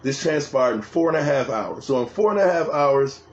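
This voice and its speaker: A man's voice: mid-range voice, animated, moderate pace. A man co-hosting a podcast, telling a profane story in casual chat and acting out other people's lines. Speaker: podcast co-host. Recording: roomy, dull lo-fi sound with faint hiss.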